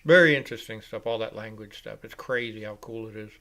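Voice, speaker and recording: A man hosting a live reaction show, giving casual play-by-play commentary. He rambles off-topic, swears freely and gets louder and higher whenever he calls the action. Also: fast talker. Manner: rambling and casual, with profanity, rising and louder when calling plays.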